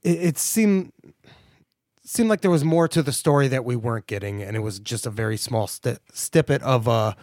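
A man's voice: mid-range voice, normal speed, darkish tone, no room sound, studio quality. A man co-hosting a podcast, chatting casually about movies with enthusiasm and frequent restarts. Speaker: podcast co-host.

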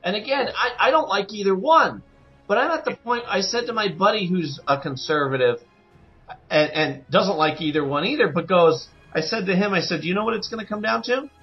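A man's voice: sits high, lively intonation, moderate pace, lo-fi sound, soft background music. A man co-hosting a casual podcast, talking with energy and acting out quoted people in exaggerated voices. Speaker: podcast co-host. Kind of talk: casual chat.

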